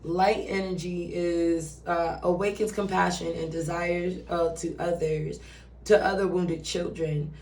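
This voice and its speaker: A woman's voice: on the low side, steady tone, unhurried, darkish tone, slight background noise. A woman giving a casual, chatty tarot reading who swears and acts out quoted voices. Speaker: tarot reader. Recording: roomy echo, distant from mic.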